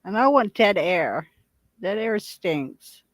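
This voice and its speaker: A woman's voice: mid-range voice, expressive, takes it slowly, no room sound, low-quality recording. A woman chatting casually as a guest on a livestream, playful and teasing and laughing often.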